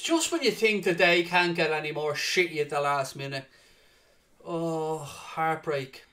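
A man giving let's-play commentary on a football game, swearing freely and swinging between low muttering and loud outbursts. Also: moderate pace. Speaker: gaming channel host.

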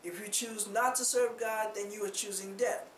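Woman preacher, casual sermon delivery, middle pitch, roomy far-off sound, faint hiss. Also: steady tone, normal speed. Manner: conversational, many rhetorical questions, frequent "you know". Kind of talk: informal spoken sermon. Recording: roomy echo, distant mic, faint noise.

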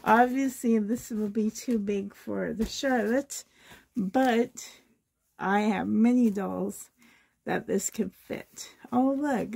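A hoarse woman from Canada gushing with delight as she unboxes a reborn doll trade for her vlog. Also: fairly high pitch, dark tone. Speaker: reborn doll collector vlogger.

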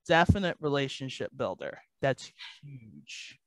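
A woman math tutor in a podcast conversation, telling lively stories and acting out the parents and kids she works with. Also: rumbling low, a little slow, no echo. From Baltimore, Maryland. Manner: animated storyteller, acts out parents and kids.

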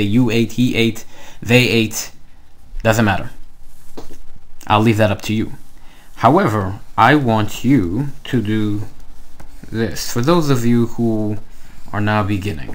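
A man with a low voice talks slowly and patiently through a language lesson. He explains each step, pauses often, and checks that his students follow. It sounds like a recorded online class. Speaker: Hebrew teacher.

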